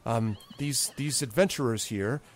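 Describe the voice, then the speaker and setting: A man's voice: medium pitch, measured pace, a little hiss or hum, close to an everyday voice. A man voicing a polite, anxious woman who speaks hesitantly and stammers.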